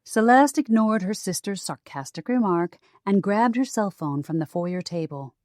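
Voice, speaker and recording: A woman narrating an audiobook in a measured storytelling manner. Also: fairly low pitch, a little mellow, dry recording, clean studio sound. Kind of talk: scripted narration.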